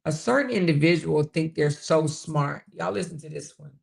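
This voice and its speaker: Sassy woman with a gravelly voice. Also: sits low, darkish tone. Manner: sassy and chatty, often laughing and pausing to find clips. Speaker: commentary channel host. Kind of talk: casual commentary to viewers.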